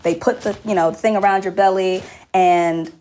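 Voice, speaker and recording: A young adult woman, a podcast guest and new mother, telling her story in casual conversation and acting out what others said with lively jumps in her voice. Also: normal speed. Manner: animated, acts out other people's quotes with jumps in pitch.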